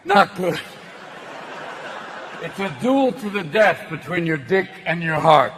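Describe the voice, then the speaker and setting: Manic high-voiced male stand-up comic. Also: lively intonation, a bit bright, low-quality recording. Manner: manic, profane, rapid voice shifts. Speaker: stand-up comedian. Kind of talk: stand-up comedy. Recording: live show with crowd and noise. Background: audience laughter.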